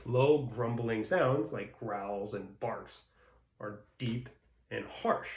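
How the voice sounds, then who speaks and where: Male dog trainer, mid-pitched voice, plain explanatory delivery, recorded with noticeable room echo. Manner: plain explanatory, acts out baby-talk praise in bursts. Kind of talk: instructional talk. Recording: roomy echo.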